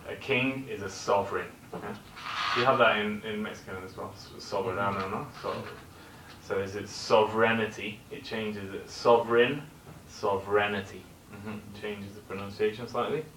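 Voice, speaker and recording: A man's voice: lowish voice, fairly even intonation, moderate pace, fairly bright tone, a little hiss or hum. A man teaching a vocabulary lesson in a classroom, explaining words and often checking in with the class through tag questions. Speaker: English teacher. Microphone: recorder at a distance. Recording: echoey room recording from far off.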